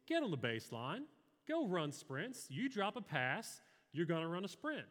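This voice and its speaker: A man's voice: high voice, very animated, moderate pace, fairly bright tone, voice pushed up. A stern youth coach barks clipped orders at his team, as a man acts him out. The voice rises and pushes hard, with a long hall reverb behind it.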